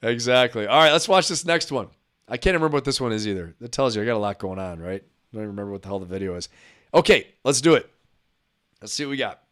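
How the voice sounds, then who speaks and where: A middle-aged man hosting a live reaction stream. He rambles casually, laughs a lot and speaks directly to his chat. His voice sits at an ordinary, mid pitch. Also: expressive, fast talker, fairly bright tone. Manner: chatty, laughs often, talks to chat viewers.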